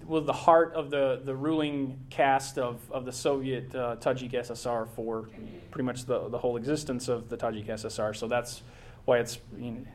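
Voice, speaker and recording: A middle-aged American man narrates his travel slides in a relaxed, wandering way. He stumbles through restarts and fillers as he goes. His voice sits at an ordinary middle pitch. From United States. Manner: rambling, with many fillers and restarts. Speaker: presenter giving a slide talk. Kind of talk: casual travel slideshow talk.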